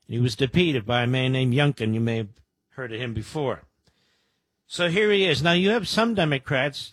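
A man in his sixties from the Philadelphia area hosts a combative talk radio show, mocking and sarcastic in delivery. He speaks into a studio microphone at normal speed in a mid-range, fairly bright voice, and the sound is clean with no echo.

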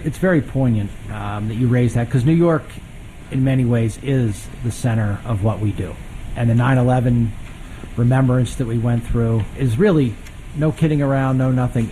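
Mellow, measured man giving an interview. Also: mid-range voice, slight background noise, rough recording. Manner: measured, earnest, with fillers. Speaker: government official interviewed.

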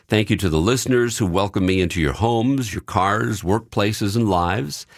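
An older man from Minnesota, a retiring radio station president, narrating a scripted radio segment in a smooth announcer delivery. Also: fairly low pitch, dry recording, clean studio sound.

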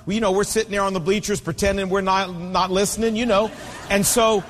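A man's voice: high voice, fairly even intonation, fairly quick, in a large hall, slight background noise. A man in his fifties preaching a sermon with an emphatic, repetitive cadence. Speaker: pastor.

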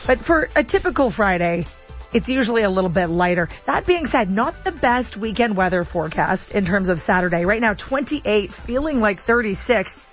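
A woman hosting a radio show, chatting lively and conversationally between segments. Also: medium pitch, normal speed. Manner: lively, conversational, lightly laughing. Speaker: radio host. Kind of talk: casual radio chat. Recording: dry, dull radio audio with faint music.

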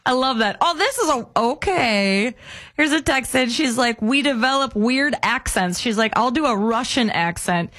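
A woman's voice: fairly high pitch, moderate pace, no echo, clean studio sound. A woman co-hosting a radio talk show, chatting casually and reading listener texts, laughing and gasping often. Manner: lively, laughs often, gasps in surprise.

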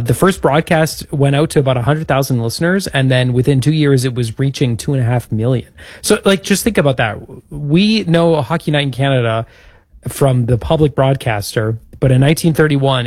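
A man's voice: mid-range voice, a little mellow, no echo. Podcast co-host, male, upbeat history recounting, dry close mic. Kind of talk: casual chat.

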